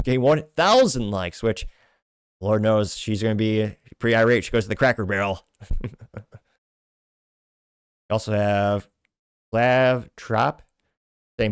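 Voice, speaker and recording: A man with a fairly low voice hosts a podcast, casually reading comments aloud and commenting on them. He stumbles and restarts often, joking at his own expense. The recording is dry and close. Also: normal speed, long pauses, clear, resonant tone, no echo. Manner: stumbling, self-deprecating, frequent restarts. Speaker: podcast host.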